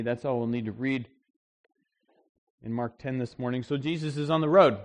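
A man's voice: mid-range voice, normal speed, pauses often. A man preaching a sermon at a church service in a conversational, emphatic way, reading scripture and then explaining it. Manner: conversational preaching, emphatic, acts out the people in the story. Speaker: pastor.

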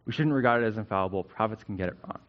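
A man's voice: fairly low pitch, rapid-fire, highs cut off. A male pastor giving a conversational sermon, often checking in with "right?" as he teaches.

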